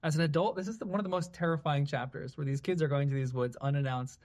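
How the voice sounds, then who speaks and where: Guy guesting on a book podcast, kinda high voice, excited and chatty. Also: quick pace. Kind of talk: casual conversation.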